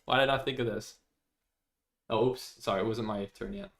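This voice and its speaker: A man's voice: on the low side, steady tone, normal speed, fairly bright tone. A young man streaming live, chatting casually with viewers, reading their messages aloud and laughing often.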